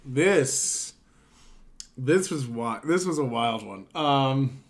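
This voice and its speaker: Man, tired, late-night streamer, casual storytelling, animated, mid-pitched voice. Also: extremely slow. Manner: animated, swearing, mimics others.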